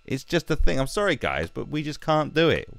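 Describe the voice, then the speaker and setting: A man's voice: on the high side, sing-song, brisk, vocal fry, fairly bright tone, no echo. A British man giving casual, blunt and crude commentary from home, mocking voices as he goes. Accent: British English. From Britain. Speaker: commentary video host.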